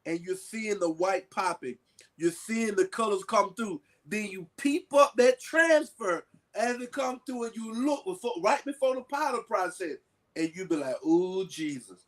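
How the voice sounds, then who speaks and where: A man talking casually to a group, telling lively stories with folksy asides. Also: high voice, moderate pace. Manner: animated storytelling with folksy asides.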